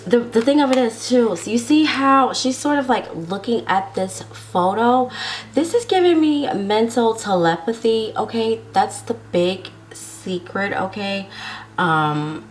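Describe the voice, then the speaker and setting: Slight background noise sits under a woman's higher-pitched, expressive voice as she does a relaxed tarot love reading for her audience. Her delivery is chatty and drawn out, with frequent "okay?" check-ins.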